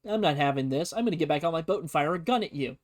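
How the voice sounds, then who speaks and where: A man's voice: a little high, expressive, racing, close to an everyday voice. A man voicing a blustering male naval commodore in a casual, exaggerated manner. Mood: indignant. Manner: exaggerated, cursing and indignant.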